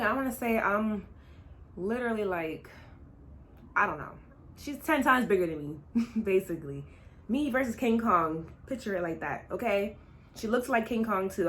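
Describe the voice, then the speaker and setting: A young woman tells a storytime vlog with lively, dramatic energy. She talks straight to her viewers in a chatty way, rushing some parts and stretching others out. Her voice sits at a middle pitch. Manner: dramatic retelling, swings between fast and drawn-out. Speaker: vlogger. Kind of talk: casual storytime.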